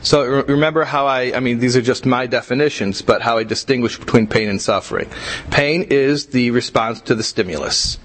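A man's voice: medium pitch, brisk, fairly bright tone, low-quality recording. A man teaching a religious class in a conversational way, repeating himself and asking rhetorical questions. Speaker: Torah teacher.

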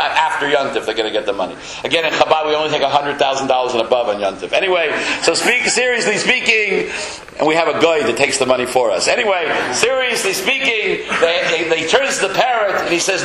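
A man's voice: high voice, lively intonation, a little fast, bright, forceful tone. A man, a rabbi, giving a chatty sermon full of stories and Yiddish words, joking with his congregation. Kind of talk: sermon with storytelling. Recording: roomy echo.

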